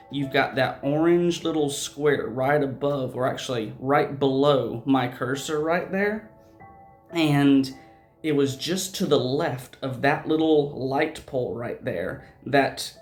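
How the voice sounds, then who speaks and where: Guy rambling thru his game commentary, lots of restarts, mid pitch, echoey room. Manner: rambling, chatty, stumbles and restarts a lot. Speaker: gameplay video host. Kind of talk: unscripted gameplay commentary. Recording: roomy echo.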